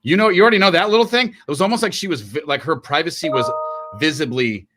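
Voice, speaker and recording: A man's voice: on the high side, fast, over music. A middle-aged man co-hosting a casual live stream, talking in a rambling way with many restarts and acted-out quotes. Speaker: co-host.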